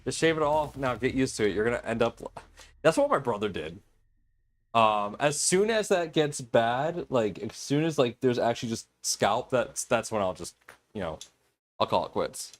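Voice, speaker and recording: A man's voice: mid-range voice, expressive, moderate pace, soft background music. A man hosting a livestream, chatting casually and rambling, joking about himself and answering viewers. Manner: rambling, self-deprecating, answers chat. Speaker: livestream host.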